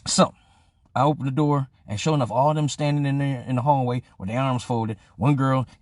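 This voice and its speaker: A young man hosting a live-streamed show tells a profane story, animatedly acting out each voice and greeting viewers as he goes. His medium-pitched voice is fairly quick, recorded at studio quality with no room sound.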